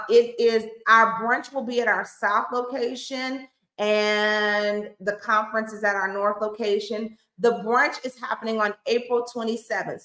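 Brief: woman pastor, slightly high voice, playful and chatty with her viewers, echoey room. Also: bright, forceful tone. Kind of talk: hyped livestream announcement.

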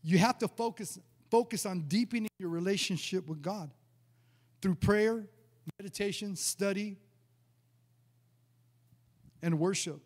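A man's voice: high-pitched, normal speed, pauses often, in a large hall. A male pastor preaching a sermon, telling a personal testimony in a storytelling way, often stumbling and repeating words. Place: church sanctuary.

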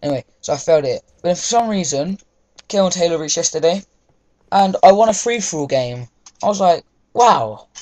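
A man's voice: on the high side, lively intonation, a little fast, mellow. A young man, chatting casually over gameplay, rambling with lots of fillers. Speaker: gaming commentator.

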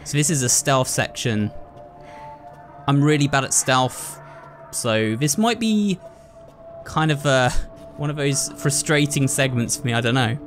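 A man's voice: medium pitch, expressive, a little slow, music in the background. Jumpy man narrating a horror game. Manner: jumpy, frightened, talks to viewers. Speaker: gamer.

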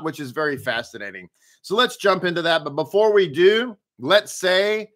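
A man's voice: fairly high pitch, bright, forceful tone. A man, a rabbi leading a live-streamed daily Torah study, chatty and upbeat, putting rhetorical questions straight to his viewers and greeting them by name.

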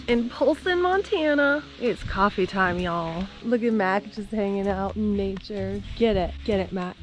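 A woman's voice: mid-range voice, animated, a little slow, hardly any pauses, faint music behind. A young woman hosting a casual vlog outdoors in the morning, joking in a crude, playful way. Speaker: vlogger host. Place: outdoors on a rural property in the morning.

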